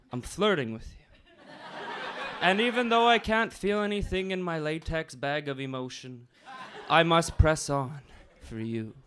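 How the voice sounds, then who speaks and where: A man performing a comic slam poem on stage, theatrical, swinging from breathy whispers to shouts. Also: fairly high pitch. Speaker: slam poet.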